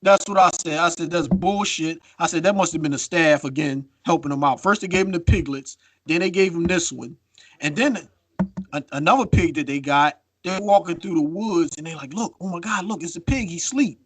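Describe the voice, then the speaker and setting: A man co-hosting a podcast in casual chat, telling a story with lively acted-out quotes and free swearing. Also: a little high, moderate pace, dry recording. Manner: animated storytelling, acts out quotes, swears freely. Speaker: podcast co-host.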